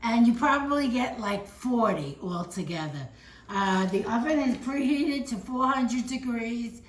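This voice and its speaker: Slow, chatty woman cooking at home. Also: medium pitch, reverberant. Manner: chatty, talks through each step. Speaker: home cooking channel host. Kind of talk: casual cooking demonstration. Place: home kitchen.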